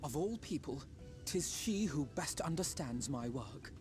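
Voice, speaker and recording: Alphinaud, a formal young scholar. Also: male voice, a little high, lively intonation, a little slow, darkish tone, faint music behind. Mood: earnest. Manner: formal, courtly diction. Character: earnest young male scholar, formal and courteous.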